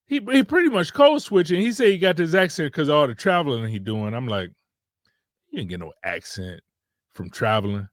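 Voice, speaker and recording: A man's voice: fairly high pitch, dry recording, clean studio sound. Laid-back rambling man from Detroit. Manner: laid-back, rambling, with frequent self-corrections. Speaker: podcast host. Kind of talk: casual storytelling.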